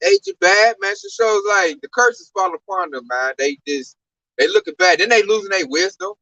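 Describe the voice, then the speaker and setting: A man whose voice sits high speaks at normal speed in an easygoing religious discussion, telling stories emphatically and with plenty of slang. The lo-fi recording is dry, from a distant microphone.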